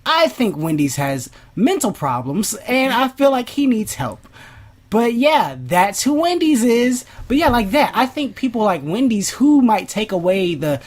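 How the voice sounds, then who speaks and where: An animated woman on a podcast, her pitch leaping up and down as she tells a story. She acts out the quoted lines in high put-on voices and laughs often, talking in a loose, casual way. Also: measured pace. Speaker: podcast co-host. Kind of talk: casual chat.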